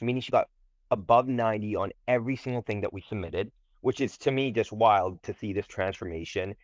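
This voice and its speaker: A man with a fairly low voice tells a personal story as an interview guest. He is animated and emphatic and leans hard into key moments. The sound is close and dry, with no room around it. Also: dry recording. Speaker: guest, tutoring company president.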